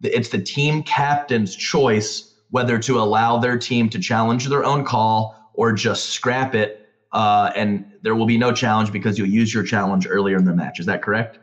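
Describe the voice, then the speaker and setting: A man hosts a casual podcast chat and asks loose questions packed with fillers. His voice sits fairly low, and the recording sounds dull and lo-fi. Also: steady tone, moderate pace. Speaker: podcast host and commentator.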